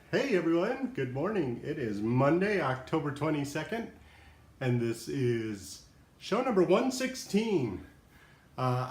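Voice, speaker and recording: A man hosting a casual live stream from home, out of breath, chatty and laughing often as he rambles. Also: mid-range voice. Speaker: livestream host. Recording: echoey room.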